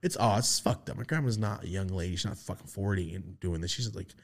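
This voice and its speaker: A man telling a long family story in casual podcast chat, profane and animated, putting on the voices of his relatives. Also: deep voice, fast talker, creaky. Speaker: podcast host.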